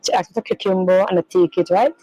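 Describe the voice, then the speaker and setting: A middle-aged woman, a grieving mother, telling her story in an interview in a halting, rambling way, repeating herself and using non-standard grammar. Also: fairly low pitch, mellow, a little hiss or hum, rough recording. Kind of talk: emotional personal recounting in an interview.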